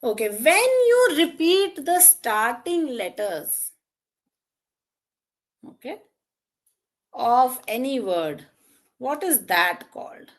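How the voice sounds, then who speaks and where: An English teacher with a fairly high, animated voice leads an online exam-prep lesson, praising students by name and putting questions to the class. She speaks slowly and deliberately, stretching out key terms and examples.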